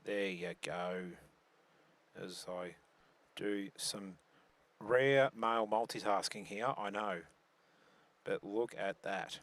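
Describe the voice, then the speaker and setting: Chatty bowls commentator. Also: male voice, on the low side, takes it slowly, long pauses, fairly bright tone. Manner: chatty and joking, with many restarts. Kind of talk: live stream sports commentary.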